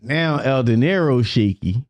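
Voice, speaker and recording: Man, podcast storyteller, middle pitch, dry close sound. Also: measured pace, dry recording. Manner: animated storyteller, swearing, repeats "you know what I mean". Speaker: guest rapper. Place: podcast studio.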